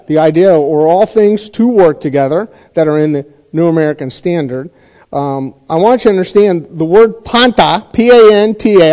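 A pastor explains scripture in a relaxed, mellow tone, his voice sitting fairly high for a man. He talks conversationally, repeating key points and asking whether his listeners are following. The recording sounds dull and slightly lo-fi. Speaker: pastor teaching a Bible study. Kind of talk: sermon-style Bible teaching.

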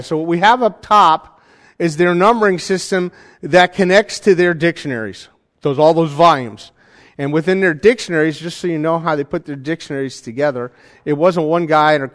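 A man teaching a Bible study class in a casual, conversational way, often checking in with his listeners. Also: a little high. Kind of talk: informal teaching, demonstrating software. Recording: hall reverb.

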